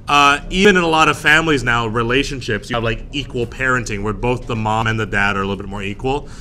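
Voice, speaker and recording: A man teaching a history class, lively and jokey, acting out little scenes and voices for students. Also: medium pitch, quick pace, a little hiss or hum.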